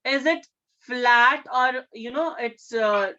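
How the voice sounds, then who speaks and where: A woman science teacher giving a classroom lecture, often pausing to check in with her students and repeating key terms. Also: on the high side, bright, forceful tone, muffled recording. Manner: keeps checking with questions, repeats key words.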